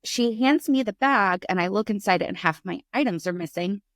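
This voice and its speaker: A middle-aged woman, a podcast guest, telling a candid story in conversation, lively and acting out the voices in it. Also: mid-range voice, brisk, no echo, clean studio sound. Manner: animated, acts out voices in her stories.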